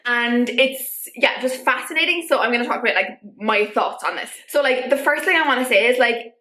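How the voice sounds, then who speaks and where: A woman's voice: on the high side, brisk, pushed and bright, reverberant. A woman talking casually to camera in a vlog, chatty and full of filler words, getting fired up as she goes. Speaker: vlogger. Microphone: camera mic.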